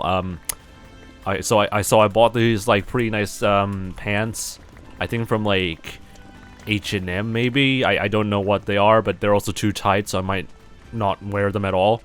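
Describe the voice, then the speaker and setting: A man's voice: on the low side, fairly even intonation, normal speed, fairly bright tone, faint music behind. A young man from New Zealand chatting casually on a live stream, rambling and self-deprecating with lots of fillers and restarts.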